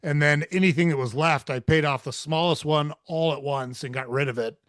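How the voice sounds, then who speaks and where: A man's voice: fairly high pitch, fairly quick, no echo, clean studio sound. A man in his forties, a podcast host, telling a long personal story in candid, casual talk with frequent swearing. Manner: candid, swears freely, animated when quoting.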